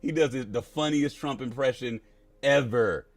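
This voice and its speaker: A man's voice: mid-range voice, moderate pace, no room sound. A man hosting a live crypto stream in a casual, playful, slangy way, laughing often.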